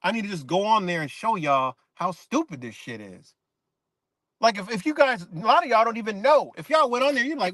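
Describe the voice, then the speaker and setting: A man's voice: high voice, big pitch swings, a little fast, fairly bright tone, dry recording. Profane ranting man, dry close sound. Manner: profane, repetitive, rambling rant; reacts to live chat comments. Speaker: live streamer. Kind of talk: casual ranting commentary.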